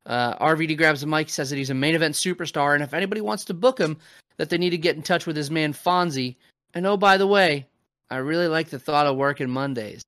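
A man's voice: fairly high pitch, fast, fairly bright tone, no room sound. A man hosting a podcast, recapping a wrestling show in loose, profane casual chat full of fillers. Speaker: podcast host.

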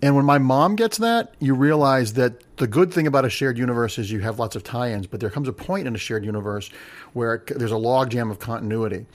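Brief: male panelist, opinionated and animated, mid-pitched. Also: a little fast. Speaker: film discussion panelist. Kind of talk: casual opinionated chat.

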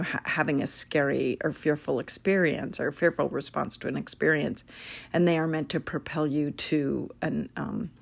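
A woman hosting a casual spoken podcast as an energy healer, chatty and animated, laughing often. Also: low voice, creaky.

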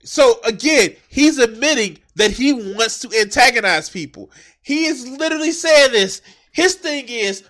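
High, bright-voiced mocking male commentator. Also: normal speed. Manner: mocking, animated, swears heavily. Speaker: commentator reacting to a video. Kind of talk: profane reaction commentary.

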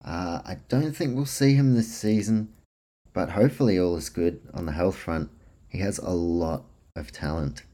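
A man's voice: low-pitched, moderate pace, mellow. A man hosting a casual solo sports podcast, chatty and self-deprecating, reading through lists of names with a dry mouth. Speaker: podcast host.

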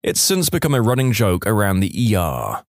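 A man narrating online stories aloud with wry, expressive storytelling. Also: lowish voice, normal speed, dry recording, studio quality.

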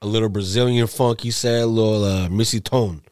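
A man co-hosting a podcast in casual chat, excitable and jokey, swearing freely. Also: fairly low pitch, a little fast, clean tone, no echo, clean studio sound. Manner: excitable, profane, jokey banter. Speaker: podcast co-host.

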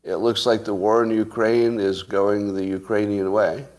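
Low-voiced man musing casually. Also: little pitch movement, unhurried, darkish tone. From California. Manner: rambling, musing, joking. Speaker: host. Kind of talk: casual chat with listeners.

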